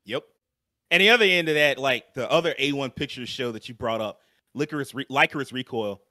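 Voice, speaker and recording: A young adult man co-hosting a podcast in casual chat, animated and swearing freely with lots of fillers. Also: mid-range voice, brisk, dry recording. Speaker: podcast co-host.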